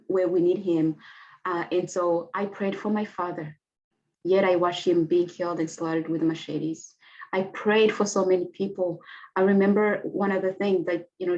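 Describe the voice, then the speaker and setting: Woman, 30s, Rwandan accent, heartfelt testimony, lower pitch, dull lo-fi recording. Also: a little mellow. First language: Kinyarwanda. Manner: earnest, heartfelt, with hesitant restarts. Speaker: guest. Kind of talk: personal testimony in an interview. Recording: dull lo-fi audio.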